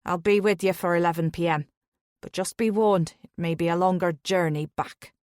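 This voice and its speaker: A woman voicing a gruff male taxi driver with an Irish accent in an audiobook thriller. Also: fairly low pitch, fairly even intonation, moderate pace, a little mellow, no echo, clean studio sound, pitched below the performer's own voice, lightly acted. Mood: blunt, matter-of-fact.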